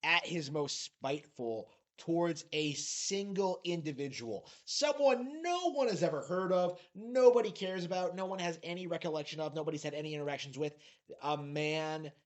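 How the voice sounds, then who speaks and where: A man's voice: on the high side, normal speed. A man narrating a commentary video, sarcastic and incredulous. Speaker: YouTube commentator.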